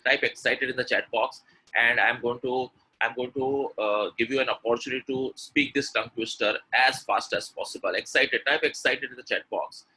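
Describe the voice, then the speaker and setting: A man's voice: medium pitch, moderate pace, breathy edge, low-quality recording. A man with an Indian English accent, running a live webinar on pronunciation, drilling sounds aloud and urging the audience to type in the chat. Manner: energetic, repeats words, drills sounds aloud, coaxes chat replies. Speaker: spoken English trainer.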